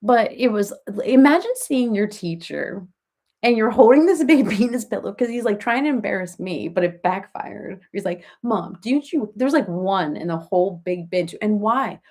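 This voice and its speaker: A woman's voice: medium pitch, expressive, normal speed, a little mellow. A woman doing a comic impression of a chatty reality-TV mom, rambling through gossip and family stories on a live stream and laughing as she talks. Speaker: comedian doing a parody live chat.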